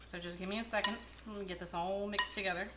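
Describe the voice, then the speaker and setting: In a casual cooking video, a fast-talking woman with a medium-pitched, steady voice cooks while joking, chatting and sharing stories. Background noise is heavy. A camera on the far side of the kitchen records the echo and the clattering of dishes and cutlery.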